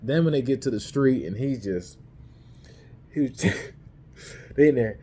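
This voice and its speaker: Laid-back slangy man with a mellow voice. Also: medium pitch, lively intonation, unhurried, a little hiss or hum. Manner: slangy, laughs while retelling scenes. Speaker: podcast host reviewing movies. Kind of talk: casual movie ranking chat. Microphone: camera mic.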